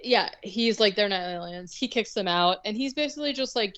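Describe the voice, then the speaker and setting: A woman's voice: medium pitch, animated, brisk, few pauses, fairly bright tone, muffled recording. Rambling woman recapping a movie. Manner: rambling summary full of filler words. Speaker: podcast co-host.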